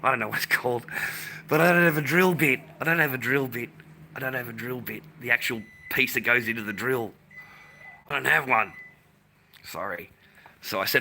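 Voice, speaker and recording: A man talks straight to the camera in a loose, profane rant. He circles back to the same points again and again. His voice sits at an ordinary middle pitch, with steady background noise behind him. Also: moderate pace, creaky, long pauses. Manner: profane, ranting, repeats himself. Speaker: vlogger. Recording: noisy background.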